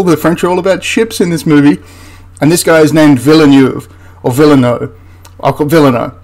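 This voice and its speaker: A man's voice: fairly high pitch, normal speed, few pauses, a little mellow. A man hosting a history channel, ranting through a film critique in an exasperated, rambling way with frequent restarts.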